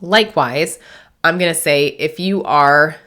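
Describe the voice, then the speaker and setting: A woman with a low, grounded voice talks through a spiritual podcast as a medium. She rambles earnestly and stops to correct herself. She sounds teary, with a sniffly nose. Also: a little slow, bright, forceful tone. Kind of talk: casual spiritual podcast talk.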